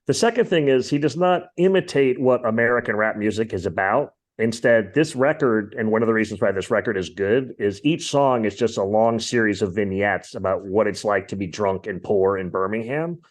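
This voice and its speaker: A male podcast host chats casually about music, opinionated and rambling, his speech full of fillers. His voice is on the low side, at a moderate pace with hardly any pauses.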